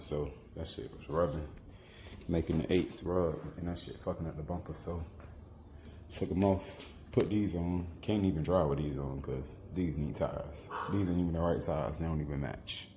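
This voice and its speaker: A man's voice: very deep voice, steady tone, normal speed, warm tone, slight background noise. A man casually talking through a car vlog in loose slang, trailing off with fillers as he shows off his vehicle and home. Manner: laid-back slangy talk, trailing off with fillers. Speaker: car vlogger.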